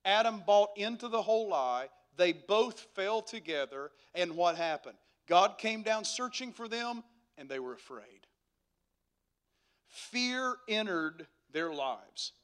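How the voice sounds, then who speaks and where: A male pastor delivers a sermon in a high, bright, ringing voice. He preaches emphatically, repeating phrases and throwing rhetorical questions at the congregation. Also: expressive, slow, clean tone.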